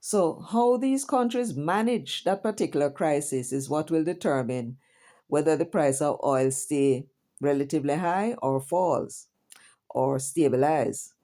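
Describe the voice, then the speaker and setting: Low mellow-voiced Jamaican woman host. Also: a little slow. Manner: chatty, reacts aloud with asides and rhetorical questions. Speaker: news commentary host. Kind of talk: reading headlines with casual commentary.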